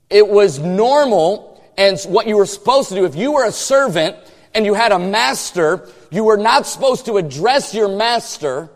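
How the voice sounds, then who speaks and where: A man preaching a sermon, dramatic, swinging between loud and hushed, acting out the lines of Bible characters. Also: high-pitched. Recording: long hall reverb.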